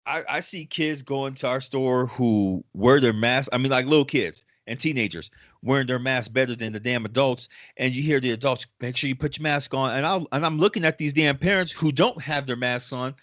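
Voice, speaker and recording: A man in casual podcast chat, speaking bluntly and cursing freely, with a voice of middling pitch. He acts out the customers he deals with. The recording is dry and close. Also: normal speed, fairly bright tone, dry recording. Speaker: podcast co-host.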